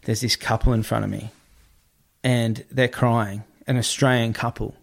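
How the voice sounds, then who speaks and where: A man telling a story in casual talk, animated and swearing, acting out what other people said. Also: medium pitch, normal speed, gravelly.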